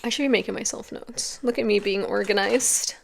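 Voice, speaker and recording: A woman's voice: mid-range voice, brisk, gravelly, a little hiss or hum. A middle-aged woman giving a pick-a-card tarot reading in a chatty, emotional, rambling way.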